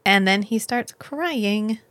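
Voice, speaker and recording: A woman co-hosting a podcast, recapping a miniseries in animated casual chat, swearing freely and acting out the characters' lines. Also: medium pitch, takes it slowly, dry recording. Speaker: podcast co-host.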